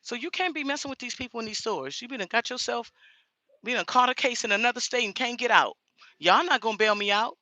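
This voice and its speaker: A middle-aged woman truck driver vlogging from inside a grocery store on a handheld phone, talking in an outspoken, animated way. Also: fairly high pitch, fast, no echo, lo-fi sound. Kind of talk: casual vlog chat.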